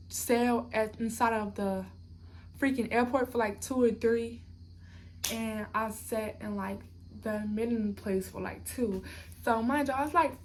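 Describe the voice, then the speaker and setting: A young woman tells a storytime vlog to her viewers in a lively, chatty way, her voice sitting a little high. Faint noise hums behind her. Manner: animated, talks straight to viewers as "y'all". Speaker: vlogger. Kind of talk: casual storytime.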